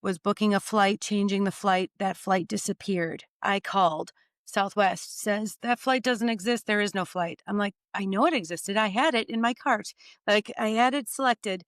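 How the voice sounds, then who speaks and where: A woman hosting a podcast, talking in an upbeat, earnest way in quick bursts. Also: medium pitch, steady tone, no echo, studio quality. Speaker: podcast host. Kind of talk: casual chat.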